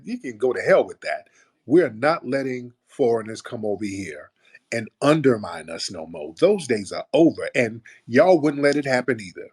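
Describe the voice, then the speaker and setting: A man hosting a call-in radio show, ranting forcefully and arguing with callers. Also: big pitch swings, moderate pace, slightly rough. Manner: forceful, combative, mocks callers in a high put-on voice. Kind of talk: heated call-in commentary.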